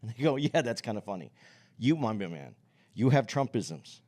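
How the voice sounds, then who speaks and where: A man's voice: mid-range voice, expressive, normal speed, dark tone. A man co-hosting a podcast in casual chat, opinionated, thinking aloud and circling back to his point. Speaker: podcast co-host.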